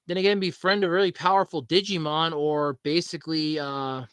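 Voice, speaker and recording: A man's voice: a little high, steady tone, moderate pace, fairly bright tone, smooth, no room sound. A man hosting a podcast in casual, rambling chat, swearing freely and laughing at his own jokes. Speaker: podcast host.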